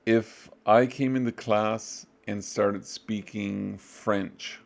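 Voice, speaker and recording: A male English teacher takes his students through a review in an unhurried, easygoing way. His voice sits low and has a gravelly rasp. He shrugs off details with a "blah, blah". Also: fairly even intonation. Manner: loose and offhand, fills gaps with "blah, blah"; acts out short student replies with jumps in pitch. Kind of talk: casual review lesson.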